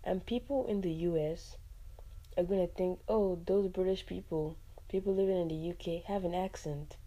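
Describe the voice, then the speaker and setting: Chatty Nigerian woman with a low, mellow voice. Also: normal speed, highs cut off. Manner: chatty and expressive, with frequent "like" fillers and asides. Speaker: podcast host. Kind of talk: casual solo podcast talk.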